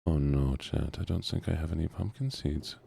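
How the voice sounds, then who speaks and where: A male streamer speaking in a put-on Southern accent, with a gravelly, chest-rumbling voice, talking slowly and softly to chat in an ASMR gaming stream. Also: fairly even intonation, a little hiss or hum. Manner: slow, murmured, talks to chat while playing.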